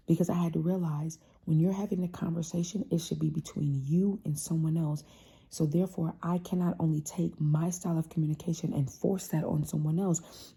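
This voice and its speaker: A woman hosting a casual motivational talk, animated and passionate, sometimes acting out her family's voices. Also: deep voice, vocal fry, slightly rough. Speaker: host.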